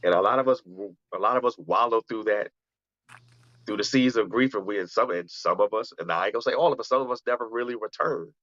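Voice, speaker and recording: A man's voice: lowish voice, fast talker, a bit bright, no room sound, dull audio. A man hosting a radio talk show, speaking earnestly and often restarting his phrases as he reflects. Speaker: radio show host and poet. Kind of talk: conversational talk, then spoken-word poetry.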